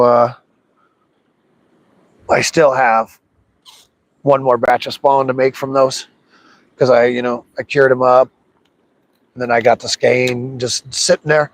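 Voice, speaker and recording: A man of ordinary pitch chats his way through a fishing trip outdoors by a river. He mutters to himself and coaxes the fish in a loose, rambling livestream manner. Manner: chatty, talks to himself and the fish. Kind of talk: casual live commentary while fishing.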